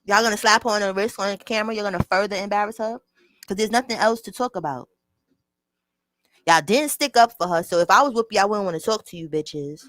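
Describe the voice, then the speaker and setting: A woman's voice: medium pitch, fast, fairly bright tone, dry recording. A woman hosting a casual livestream, talking bluntly and with plenty of profanity straight to her chat through a small mic near her mouth. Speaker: channel host.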